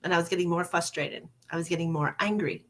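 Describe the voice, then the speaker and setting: A woman's voice: fairly low pitch, fairly even intonation, quick pace, a bit bright. An older woman hosting her podcast in a candid, casual monologue, laughing now and then and swearing a little. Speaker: podcast host.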